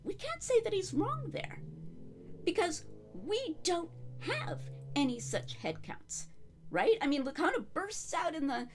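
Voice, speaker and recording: A woman's voice: very high voice, huge pitch swings, unhurried. A woman giving a solo commentary monologue, arguing her point in an emphatic, carefully reasoned way. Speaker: video commentator.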